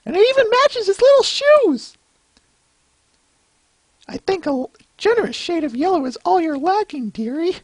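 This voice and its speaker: A man's voice: very high-pitched, sing-song, moderate pace, pauses often, no echo, voice pushed up. A man voicing a prissy, fashion-obsessed female pony, with theatrical, fussy delivery. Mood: gushing.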